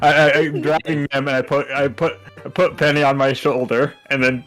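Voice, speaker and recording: A man's voice: medium pitch, little pitch movement, fairly quick, fairly bright tone, soft background music. Giggly man narrating his moves. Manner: giggly, with stammering restarts. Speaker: player. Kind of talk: tabletop game play.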